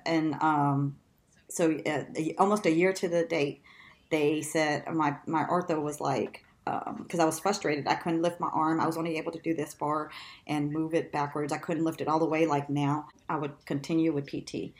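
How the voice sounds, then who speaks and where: Woman guest, low voice, chatty storyteller who laughs a lot and acts out quotes. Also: moderate pace. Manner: animated, laughs often, acts out quotes in a much higher voice. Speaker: interview guest. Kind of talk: conversational storytelling.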